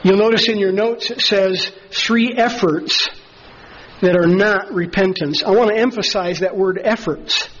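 A man preaching a sermon as pastor, earnest and measured, slowing down to stress key phrases. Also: sits high, a bit bright, lo-fi sound, a little hiss or hum.

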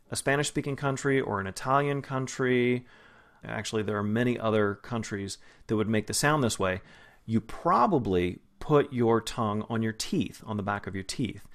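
In a spoken phonetics lesson in the Los Angeles area, a man with a lowish voice coaches pronunciation. He's patient and explanatory, slowing down to model each sound.

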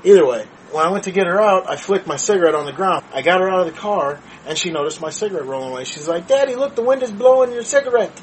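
Man, thirties, podcast co-host, profane storyteller, slightly high voice, faint background noise. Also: fast, few pauses, rough recording. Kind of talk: casual storytelling chat.

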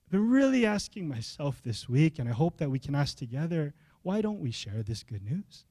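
A young adult male pastor, preaching a sermon in an animated, conversational way and asking the congregation questions. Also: fairly high pitch, moderate pace, no echo, clean studio sound.

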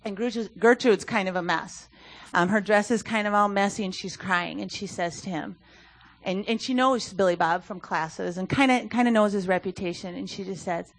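In an earnest, conversational sermon talk at church, a woman from youth ministry leans on fillers frequently. She speaks at normal speed in a medium-pitched voice.

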